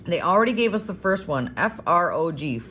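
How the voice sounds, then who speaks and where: A woman with a low voice records a homework lesson for young children. She sounds out letters slowly in a sing-song way and praises often. A faint hiss sits under the voice. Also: expressive, a bit bright. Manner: encouraging, praising. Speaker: teacher.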